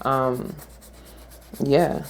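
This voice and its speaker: A woman's voice: very deep voice, steady tone, drawn-out words. A woman who works as a yoga therapist, chatting casually in a podcast conversation, rambling and laughing often as she trails off and restarts.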